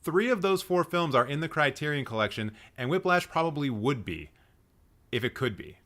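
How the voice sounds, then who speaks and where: A man's voice: a little high, animated, moderate pace, bright, forceful tone. A man hosting a casual live stream, playfully roasting people and laughing at his own jokes while he rambles and corrects himself. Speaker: host.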